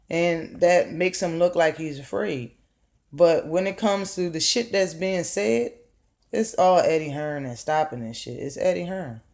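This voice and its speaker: A woman's voice: low voice, a little mellow. A woman vlogger ranting her opinion bluntly, swearing freely and firing off rhetorical questions, often repeating words for emphasis. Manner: blunt, profane, heated rant. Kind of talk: opinion rant vlog.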